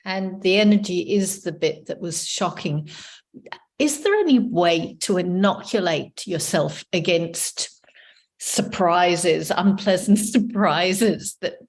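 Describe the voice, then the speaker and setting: A woman's voice: fairly low pitch, takes it slowly. A woman interviewer asking curious, engaged questions in a conversation.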